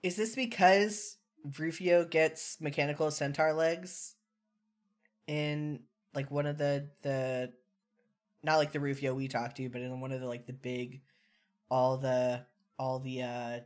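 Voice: medium pitch, flat delivery, measured pace. A podcast co-host in casual chat, teasing the others playfully and laughing often.

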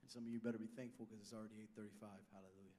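A pastor preaching a sermon, swinging from loud declarations down to hushed asides. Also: male voice, fairly low pitch, little pitch movement, racing, slight background noise.

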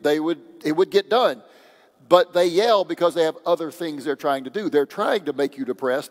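Male pastor, casual joking sermon, a bit high voice, long church reverb. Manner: conversational, joking, acts out quoted voices. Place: church sanctuary.

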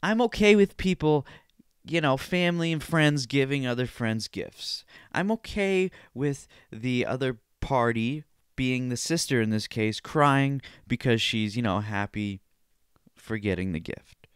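A man's voice: medium pitch, lively intonation, a little slow, clean tone, no echo, studio quality. Profane, exasperated male podcast host ranting. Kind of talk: ranting commentary on a video.

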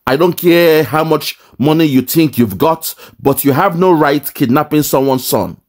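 A man's voice: fairly high pitch, normal speed. A man giving angry, emphatic commentary on a clip, stumbling and repeating words as he stresses his points.

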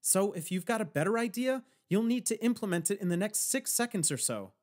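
A woman's voice: animated, a little fast, natural voice. A man reading an audiobook, voicing a brash, reckless young woman who orders people around. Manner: pushy, bossy, higher and louder.

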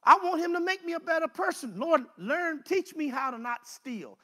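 A male preacher delivering an animated sermon, swinging between loud exclamations and low asides. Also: moderate pace.

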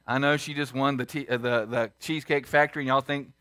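A man preaching a sermon as pastor, emphatic and full of rhetorical questions, swinging between loud and hushed. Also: medium pitch, fairly even intonation, quick pace, dry recording, clean studio sound. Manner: asks the congregation many rhetorical questions. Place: church sanctuary.

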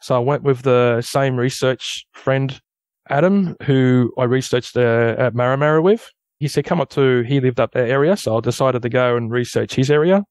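A man with an Australian accent, a guest telling a long story in a rambling, casual way that turns animated at the tense parts. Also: medium pitch, normal speed, no room sound. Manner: rambling, loose storyteller who grows animated at tense moments. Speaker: guest recounting an encounter.

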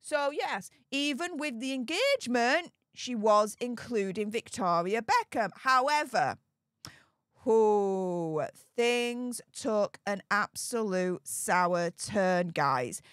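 A woman's voice: on the high side, animated, slow pace, dry recording, clean studio sound. A woman hosting a casual celebrity gossip commentary, chatty and dramatic, drawing out words for emphasis. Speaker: commentary channel host.

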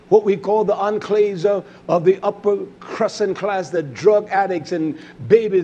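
Male preacher, high voice, fiery sermon delivery, hushed to shouting. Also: lo-fi sound.

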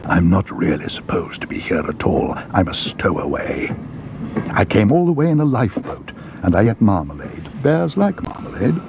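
A man's voice: deep voice, very animated, moderate pace, vocal fry, noisy background, heavily acted. A man voicing a polite, earnest small bear in a storybook reading.

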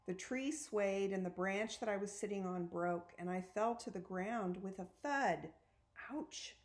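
Woman storybook reader, clear, steady narration, mid pitch. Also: a little slow. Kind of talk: reading a children's story aloud.

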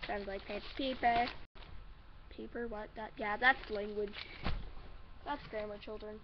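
A woman's voice: mid-range voice, steady tone, moderate pace, noisy background. A teenage girl with an Oklahoma accent rambling nervously through home advice, with lots of ums and giggles. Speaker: vlogger. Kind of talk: casual vlog advice. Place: at home upstairs. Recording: dull lo-fi webcam audio.

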